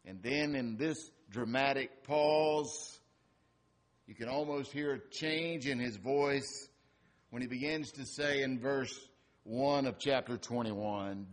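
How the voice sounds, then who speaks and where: Man, pastor, sermon, unhurried delivery, swelling emphasis, mid-pitched voice. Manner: slow, deliberate delivery that swells in volume on key phrases. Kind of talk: sermon with scripture reading.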